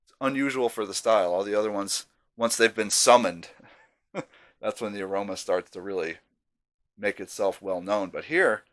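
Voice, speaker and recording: A man's voice: fairly low pitch, moderate pace, a bit bright. A man casually reviewing a beer on camera, chatty and self-deprecating, with savoring asides.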